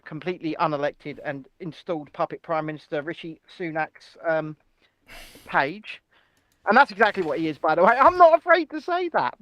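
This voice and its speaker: A man's voice: on the high side, dry recording, lo-fi sound. A man co-hosting a comedic news chat, sarcastic and teasing. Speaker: co-host.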